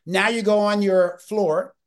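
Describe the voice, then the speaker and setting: Energetic man in his fifties telling stories. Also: sits high, a little slow. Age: 50s. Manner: energetic, storytelling, often self-interrupting. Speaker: guest. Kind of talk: podcast interview.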